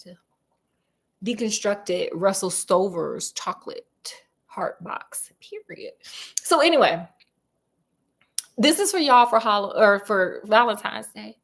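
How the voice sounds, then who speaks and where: A woman's voice: mid-range voice, lively intonation, unhurried. A woman casually retelling a classic detective story in a chatty, slangy, joking way, often interrupting herself.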